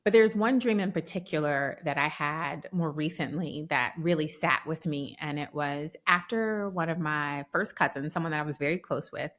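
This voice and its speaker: A woman's voice: low-pitched, moderate pace, few pauses. A woman in her thirties co-hosting a casual chat podcast, telling stories with lots of animation and acting out what others said. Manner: animated storyteller, acts out quoted dialogue. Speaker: podcast co-host.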